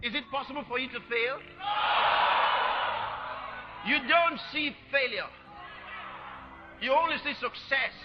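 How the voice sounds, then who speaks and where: A man preaching a sermon, exhorting loudly with repeated declarations. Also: extremely high pitch, normal speed, a loud crowd. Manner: shouting, exhorting, repetitive declarations. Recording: dull lo-fi sermon recording with music.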